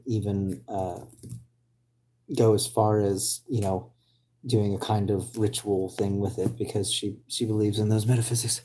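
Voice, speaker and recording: Livestreamer, male, husky and mellow, rambling and halting, still getting his voice back. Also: fairly low pitch. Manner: rambling, hesitant, reads out viewer comments. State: voice recovering from hoarseness. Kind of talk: casual live stream chat.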